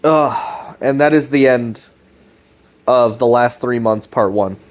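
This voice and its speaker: A man's voice: medium pitch, takes it slowly. A man casually rambling through a recap of a web series, with lots of fillers, restarts and swearing.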